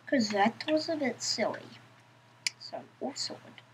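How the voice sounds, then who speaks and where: Slow, lively-pitched woman gaming. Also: background noise. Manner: chatty, playful, giggly self-talk. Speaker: gameplay commentator. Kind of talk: casual let's-play commentary.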